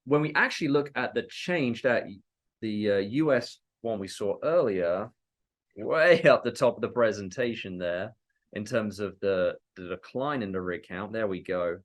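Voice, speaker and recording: A man co-presenting a business webinar as an industry analyst, talking conversationally with frequent fillers that trail off softly. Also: fairly low pitch, lively intonation, moderate pace.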